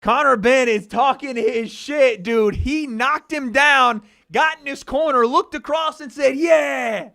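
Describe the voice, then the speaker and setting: A man calls a fight live for his watch-party stream, in a high, bright voice. He names each punch as it lands and swears freely, erupting into excited yells when the action swings. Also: unhurried, gravelly, few pauses, no room sound, clean studio sound.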